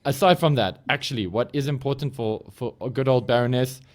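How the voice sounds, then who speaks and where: A South African man co-hosting a casual podcast, eager and quick to laugh. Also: medium pitch. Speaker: podcast co-host. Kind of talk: casual chat.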